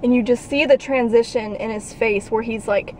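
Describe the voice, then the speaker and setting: A young woman chatting excitedly about a film in a parked car. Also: fairly high pitch, moderate pace, a little hiss or hum, poor audio. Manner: gushing, bursts into loud acted quotes. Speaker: vlogger. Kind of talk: excited casual chat.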